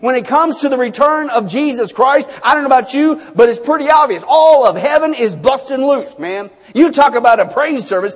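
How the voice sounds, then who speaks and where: A pastor preaching with a very high, light male voice. He is animated, bursting into shouts and then dropping to hushed asides. The sound rings with the long reverb of a large church hall. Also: fairly quick, hardly any pauses. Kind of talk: sermon.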